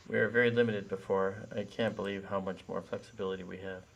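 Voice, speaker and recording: Worn-out guy hosting a telescope livestream, low and gravelly, relaxed, lots of uh's. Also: quick pace, slight background noise. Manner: relaxed, thinks aloud with fillers. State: very tired. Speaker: livestream host running a telescope. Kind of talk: casual live chat.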